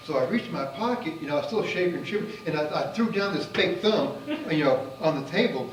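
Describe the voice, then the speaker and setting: A man from the United States, a magician and comedian, casually telling a travel story in a rambling way full of fillers, getting animated at the exciting parts. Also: on the high side, fast talker, few pauses, faint music behind. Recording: roomy and distant with faint noise.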